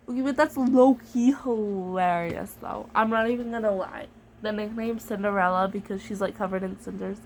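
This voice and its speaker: A woman's voice: medium pitch, normal speed, a little hiss or hum, low-quality recording. A woman vlogger in casual chat to camera, chatty, jokey and playfully dramatic as she reviews a storybook device.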